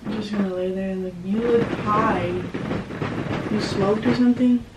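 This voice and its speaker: A woman's voice: medium pitch, steady tone, moderate pace. A young woman vlogger in casual prank banter, pleading and exasperated, repeating herself to her boyfriend. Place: indoor room, bedroom. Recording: echoey room, from far off, with background noise.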